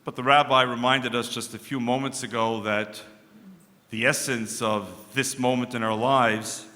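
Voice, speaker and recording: A man speaking as a guest at a religious service. He opens his speech with a joke and tells it in a dry, measured way. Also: medium pitch, steady tone, pushed and bright. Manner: dry storyteller, measured delivery. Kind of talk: formal speech opening with a joke. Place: synagogue sanctuary. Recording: echoey large hall with long reverb.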